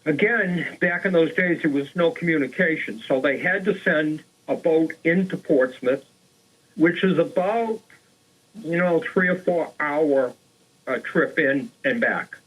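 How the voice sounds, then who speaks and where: A man's voice: a little high, unhurried, fairly bright tone, low-quality recording. A male co-host of a paranormal talk show, retelling an old crime case in a casual way, with fillers and restarts. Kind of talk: storytelling a true crime case.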